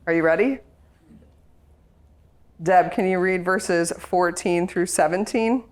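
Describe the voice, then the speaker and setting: A woman's voice: lowish voice, slow pace. A woman leading a group Bible study, chatty and playful, laughing often as she explains the reading.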